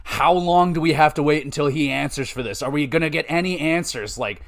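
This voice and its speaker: A man hosting a podcast in casual chat, telling an excitable, profane story in an animated way. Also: a little high, fairly quick. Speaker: podcast host.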